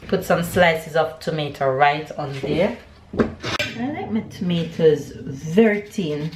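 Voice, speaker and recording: Slow-talking woman in a clattering kitchen. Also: sits low, slight background noise. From Jamaica. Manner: chatty, narrates each step as she goes. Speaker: family vlogger. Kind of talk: casual chat to camera. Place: home kitchen. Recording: echoey kitchen with clattering dishes.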